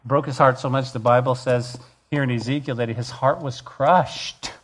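A man's voice: medium pitch, steady tone, moderate pace. A man preaching a sermon as pastor, reading scripture and rising to emphatic, passionate preaching.

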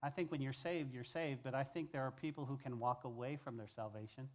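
A male pastor preaching a sermon, emphatic, repeating key phrases and swinging between loud and hushed delivery. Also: mid-range voice, steady tone, brisk.

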